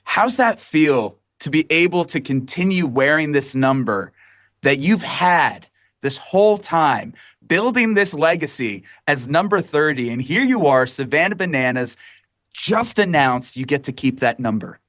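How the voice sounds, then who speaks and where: A man's voice: fairly high pitch, animated, measured pace, a bit bright, dry recording. Enthusiastic male podcast host, dry sound. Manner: enthusiastic, casual, says "dude". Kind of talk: casual interview.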